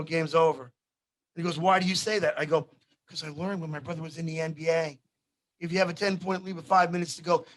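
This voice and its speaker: A man, hosting a sports show and telling casual stories, acting out the people he quotes. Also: sits high. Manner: animated, acts out quotes in other voices. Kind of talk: casual storytelling.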